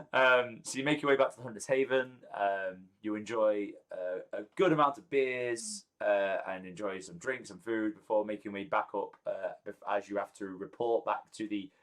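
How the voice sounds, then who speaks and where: Chatty game master with lots of ums. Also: male voice, fairly low pitch, normal speed, hardly any pauses, fairly bright tone, poor audio. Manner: hesitant, lots of ums, laughs often. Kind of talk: narrating a tabletop game.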